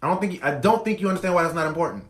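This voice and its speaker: A man's voice: a little high, very fast, reverberant, poor audio. A man hosting a podcast, delivering an impassioned commentary monologue with emphatic repetition. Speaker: podcast host.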